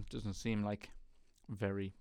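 A man's voice: fairly low pitch, vocal fry, a little mellow, clear, resonant tone, dry recording. A man co-hosting a podcast in casual chat, laid-back and wry. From Britain. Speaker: podcast co-host.

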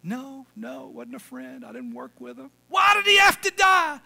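A pastor voicing a distraught grown man who sobs and shouts at a graveside. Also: very animated, normal speed, creaky, heavily acted. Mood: sulky denial. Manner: shouting, sobbing, high-pitched wailing.

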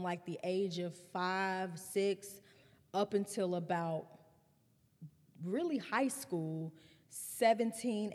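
Candid woman podcaster, reverby room. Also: medium pitch. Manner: candid, animated retelling with laughs and swearing. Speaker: podcast host. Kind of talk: personal storytelling podcast.

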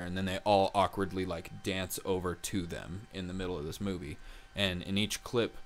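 Low-pitched and heard over slight background noise, a young man co-hosting a podcast chats casually, rambling along with lots of fillers and restarts.

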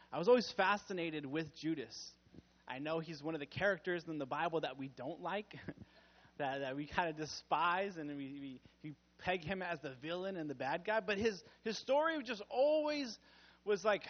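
A young man preaching a casual sermon as pastor, playful and jokey, laughing often and acting out quotes loudly. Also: on the high side, lively intonation, normal speed. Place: church. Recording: dull muffled sound.

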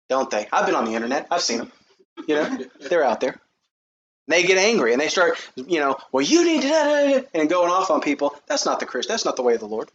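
A man preaching a sermon who reads scripture in a raised, high voice and then talks to the congregation in a casual way. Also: fairly bright tone. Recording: dull, lo-fi recording with faint noise.

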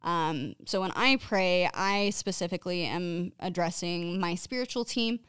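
A woman's voice: on the low side, measured pace, fairly bright tone, smooth, no echo, studio quality. A woman giving casual self-care advice, candid and chatty, swearing freely and laughing at herself.

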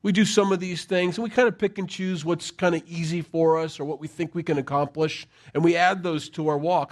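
A man's voice: high-pitched, a little fast, hardly any pauses. A middle-aged man preaching a sermon, conversational and emphatic, with rhetorical questions. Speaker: pastor.

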